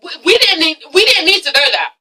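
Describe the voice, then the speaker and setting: A young woman with a high, very bright voice rants through a casual TV review vlog. She is blunt, exasperated and swears freely. Her voice sits a little far from the mic. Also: sing-song, a little fast. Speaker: YouTube reality-TV reviewer.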